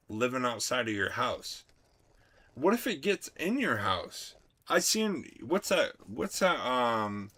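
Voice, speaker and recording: A young man streaming, talking to his chat in an excitable, profane rant. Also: mid-range voice. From United States. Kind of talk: casual livestream chat.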